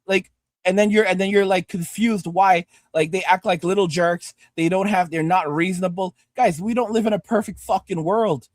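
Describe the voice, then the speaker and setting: With no echo on the recording, a high-voiced man speaks at a normal speed. He hosts a livestream, reads comments from viewers, and lectures them in a repetitive, angry, profanity-laced rant.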